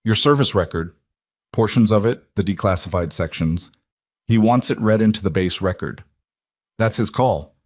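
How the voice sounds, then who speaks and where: A man's voice: on the low side, normal speed, a little mellow, no echo, studio quality, close to an everyday voice. A man voicing a careful, diplomatic female navy captain who lays out matters in a businesslike way in a storybook reading.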